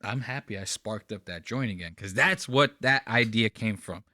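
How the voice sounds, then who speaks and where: A man's voice: fairly low pitch, normal speed, bright, forceful tone, slight background noise. A man hosting a podcast, reacting to clips in a loose, rambling, giddy way. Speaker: podcast host. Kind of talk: casual commentary on clips.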